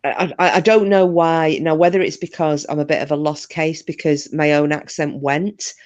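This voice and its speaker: A woman's voice: low voice, steady tone, normal speed, a little mellow, no echo. A woman with a Northern English accent, originally from Scotland, hosting a casual chat and telling rambling stories with the odd swear word. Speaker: host.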